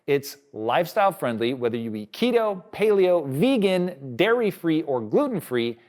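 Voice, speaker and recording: Man, sponsor read, upbeat, animated intonation. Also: on the high side, normal speed. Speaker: host reading a sponsor ad. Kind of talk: read advertisement.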